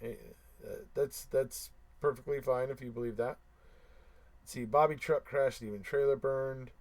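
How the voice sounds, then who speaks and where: A man's voice: mid-range voice, fairly even intonation, moderate pace, a little mellow. A man hosting a casual live stream, reading viewer comments aloud and answering them, who repeats himself for emphasis and chuckles between remarks.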